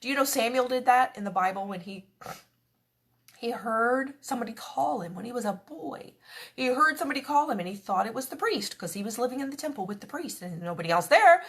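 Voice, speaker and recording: A woman's voice: on the high side, lively intonation, fairly quick. Earnest woman giving a chatty devotional talk. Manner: chatty and earnest, voices little quoted prayers and asides. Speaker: devotional speaker.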